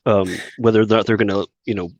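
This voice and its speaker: Brief: relaxed Californian co-host guy, mid voice, dry and a bit muffled. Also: on the low side, fast talker, no echo. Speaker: podcast co-host. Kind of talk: casual chat.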